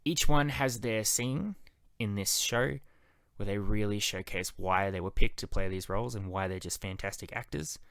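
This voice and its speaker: A man's voice: lowish voice, moderate pace, vocal fry, fairly bright tone, dry recording. A man reviewing a TV series in a casual, enthusiastic, conversational monologue. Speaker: TV show reviewer.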